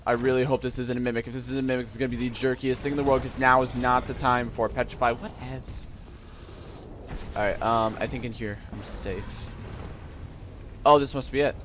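A man casually commenting on his own gameplay in an excitable way, talking to the enemies and breaking into sudden outbursts. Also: mid-range voice, brisk, slight background noise. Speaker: let's play host.

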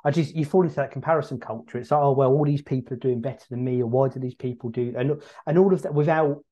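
A man's voice: medium pitch, steady tone, fast, mellow, dull audio. A man co-hosting a casual podcast, earnest and reflective. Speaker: podcast co-host.

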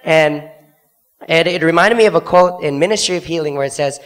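A man's voice: fairly high pitch, brisk, a bit bright, long reverb tail. A young man giving an earnest testimony to a church congregation from the front of a church sanctuary, speaking into a handheld microphone. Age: young adult. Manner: earnest storytelling, acting out quoted voices. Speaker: student literature evangelist.

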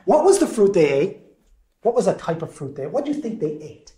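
Animated man teaching a Bible study. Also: sits high, fairly quick. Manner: animated, quizzes the group, chuckles often. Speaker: deacon leading a Bible study. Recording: echoey room.

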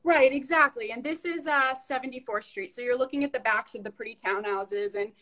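A woman's voice: on the high side, brisk, pushed and bright, low-quality recording. Chatty woman giving a home tour. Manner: chatty, gives practical advice. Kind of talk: casual chat.

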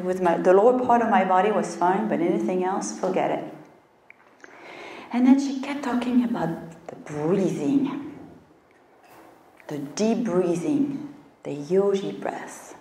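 A woman's voice: lowish voice, unhurried, pauses often, warm tone, roomy sound, distant mic, slight background noise. A woman health coach giving a motivational talk, telling a personal story and acting out her inner voice.

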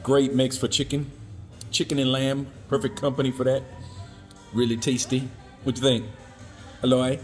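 A man's voice: medium pitch, flat delivery, moderate pace, long pauses. A man filming a casual restaurant vlog, joking and teasing his dinner partner. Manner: teasing, playful banter. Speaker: food vlogger. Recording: echoey room with music.

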